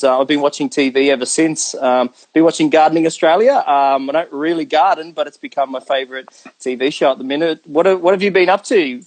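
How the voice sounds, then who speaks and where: A man hosting a casual live video chat show, jokey and playful as he rambles a little while talking to his guest over a video call. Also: on the high side. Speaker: host.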